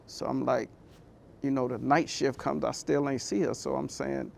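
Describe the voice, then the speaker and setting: A man's voice: medium pitch, fairly even intonation, normal speed, creaky, darkish tone, a little hiss or hum. A man giving a motivational talk, telling his personal story in a candid, conversational, heartfelt way. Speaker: motivational speaker.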